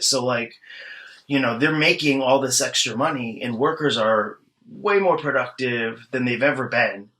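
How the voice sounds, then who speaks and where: Bright-voiced man telling loose stories. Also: mid-range voice, low-quality recording. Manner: loose, profane storytelling full of "like". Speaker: podcast guest. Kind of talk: casual chat.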